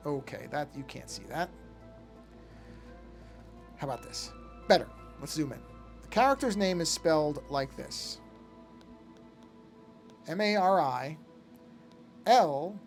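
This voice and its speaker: A man's voice: fairly high pitch, vocal fry. A man chatting casually to his live-stream chat while drawing, rambling and often breaking off to fix something. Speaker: art streamer.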